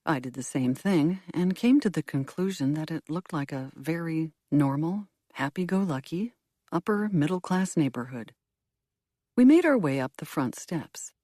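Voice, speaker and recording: A woman reads a first-person mystery aloud in a low, warm voice. Her pitch rises and falls with plenty of life, and the studio sound is close and dry. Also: animated, moderate pace, no room sound. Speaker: audiobook narrator. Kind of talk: first-person audiobook narration.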